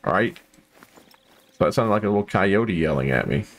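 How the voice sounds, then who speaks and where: A man with a low voice talks his way through a hunting video game. He rambles with plenty of fillers, then breaks into excited outbursts at each find. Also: normal speed. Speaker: gameplay commentator. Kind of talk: casual gameplay commentary.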